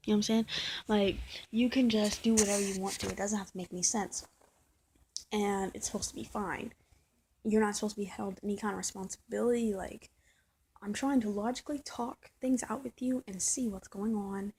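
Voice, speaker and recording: A woman speaks to camera in a personal vlog monologue, her voice deeply husky and breathy. She sits at a middle pitch and keeps restarting her sentences, repeating words as she vents. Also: steady tone, brisk, a little mellow. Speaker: vlogger.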